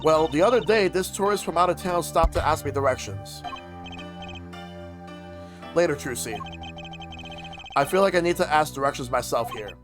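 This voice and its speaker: Male streamer, slightly high voice, reads game dialogue aloud with voices; faint music behind. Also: expressive, normal speed, pauses often. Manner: voices each character, drops into casual asides.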